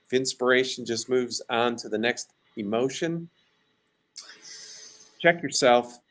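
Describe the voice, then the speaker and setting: A man's voice: medium pitch, unhurried, a bit bright. Earnest man co-host making a point. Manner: earnest, emphatic, builds to punchy lines. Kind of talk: casual talk with a message.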